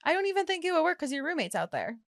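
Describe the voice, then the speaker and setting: A woman with a high, bouncing voice, chatting on a podcast and laughing often between her lines. She sounds close to the mic, in a dry room. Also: very animated, very fast, no room sound. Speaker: podcast co-host. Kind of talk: casual chat.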